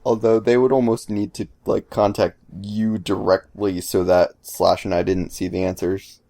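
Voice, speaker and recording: An easygoing man with a lowish voice, co-hosting a casual podcast. His voice sounds dry and close, and he talks in a hesitant, relaxed way. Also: normal speed, creaky, dry recording. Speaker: podcast co-host. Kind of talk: casual chat.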